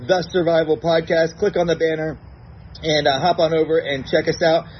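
A man who trains dogs, calmly explaining a routine step by step and acting out his commands in a bright, praising tone. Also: fairly high pitch, highs cut off, slight background noise. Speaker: dog trainer. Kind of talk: recorded instructional segment.

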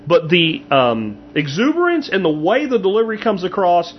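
A man with a fairly high voice delivers a blunt, emphatic opinion monologue as host of his own show. He speaks straight to his audience. The recording sounds dull and lo-fi. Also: very animated, normal speed, slight background noise.

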